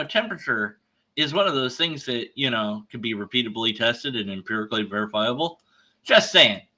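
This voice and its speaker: Guy ranting on his stream, bright voice that jumps all over, fed up and rambling. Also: mid-range voice. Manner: exasperated, ranting, acts out store clerks in quotes. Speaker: atheist commentary streamer. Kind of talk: reading and reacting to a debate exchange.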